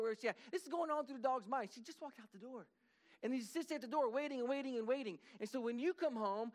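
A man preaching a sermon in a church, telling folksy stories and acting out dogs and churchgoers. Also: sits high. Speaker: pastor. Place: church sanctuary.

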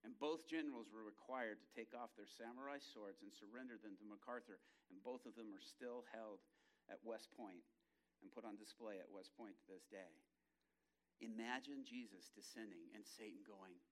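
A male pastor preaching a lively sermon, acting out scenes in voices and ending in a hushed prayer. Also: mid-range voice, moderate pace.

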